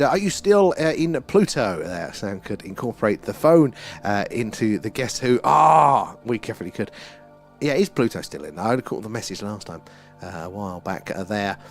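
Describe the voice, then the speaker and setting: A man with an Essex accent hosting a live sky-watch stream, chatting casually and reading out viewer comments. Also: fairly low pitch. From England. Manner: chatty, reads out viewer comments, often trails off with "there".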